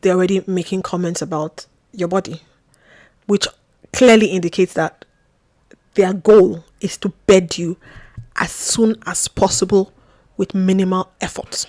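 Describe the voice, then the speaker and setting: A woman's voice: lowish voice, darkish tone, dry recording, clean studio sound. Chatty woman telling a wry story. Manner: chatty, wry, with frequent asides and mimicry. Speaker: vlogger. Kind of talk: casual storytelling to camera.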